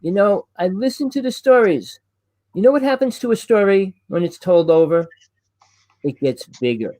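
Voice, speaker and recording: A man with a New Jersey accent hosts a casual chat, loud and quick, rambling and restarting as he goes. His voice sits a little high. The sound is dry and close. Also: animated, no room sound. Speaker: host.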